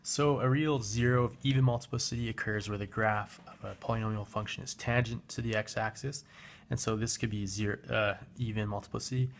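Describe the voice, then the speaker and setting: Gravelly-voiced man teaching math. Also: on the low side, fairly quick, a little hiss or hum. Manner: relaxed, talks while working a graphing calculator, with fillers and self-corrections. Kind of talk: recorded math lesson walkthrough.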